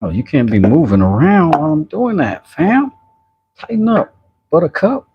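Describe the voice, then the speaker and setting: A man's voice: fairly high pitch, sing-song, normal speed, breathy edge, muffled recording. A man chatting casually with his live-stream audience while carving wood, joking and bantering playfully. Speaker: woodworking streamer.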